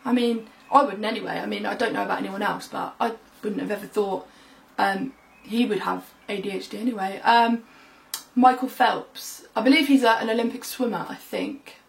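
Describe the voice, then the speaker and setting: A woman's voice: mid-range voice, fairly even intonation, moderate pace, gravelly. A young woman, rambling chattily to her camera in a casual vlog, full of fillers. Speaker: vlogger. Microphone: camera mic.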